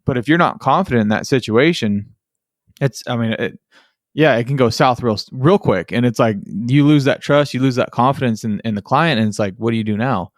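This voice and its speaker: Male podcast host, mid pitch, talks casually and acts out customers, dry close mic. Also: brisk, dry recording. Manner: animated, acts out customers and technicians. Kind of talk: casual interview chat.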